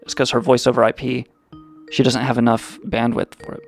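A man's voice: mid-range voice, little pitch movement, fairly quick, soft background music. A man hosting a livestream, rambling in a crude, sarcastic way. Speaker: podcast host. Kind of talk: casual profane livestream chat.

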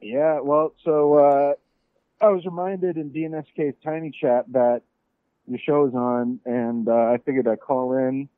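A man's voice: mid-range voice, fairly even intonation, a little slow, no room sound. A man calling into a radio show, joking and rambling as he gets drunk. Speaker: caller. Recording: tinny phone line.

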